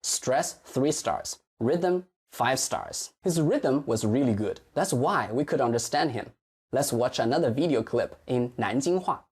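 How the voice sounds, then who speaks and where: Lively-voiced Mandarin teacher, man. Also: mid-range voice, husky. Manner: slow, exaggerated modeling of Chinese phrases. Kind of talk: pronunciation lesson.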